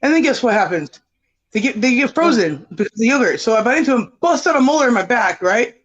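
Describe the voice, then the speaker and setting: A man's voice: extremely high pitch, very animated, fast talker, fairly bright tone. A man telling a rambling, self-mocking story on a casual livestream panel, full of fillers and "right?" tags. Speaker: panel guest. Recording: dull lo-fi stream audio.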